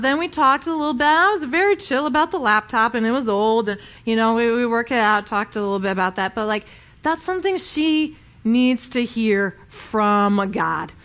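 A woman's voice: a little high, lively intonation, moderate pace, a bit bright. A woman preaching a sermon in a conversational, storytelling way, often restarting her sentences.

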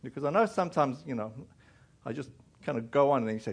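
A man's voice: mid-range voice, animated, fast talker, slightly rough. A male pastor preaching a sermon in a casual, rambling storytelling way, with many fillers and restarts. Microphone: recorded in a church.

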